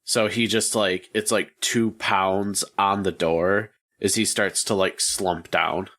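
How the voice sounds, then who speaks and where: A man playing a tabletop role-playing game, giving quick, loose descriptions of scenes. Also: low voice, fairly even intonation, bright, forceful tone. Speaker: player.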